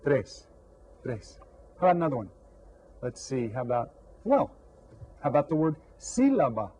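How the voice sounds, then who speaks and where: A man teaching a lesson to young pupils, repeating words slowly and clearly. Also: medium pitch, big pitch swings, warm tone, slight background noise, rough recording. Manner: slow, drawn-out repetition of words. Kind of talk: classroom lesson to children.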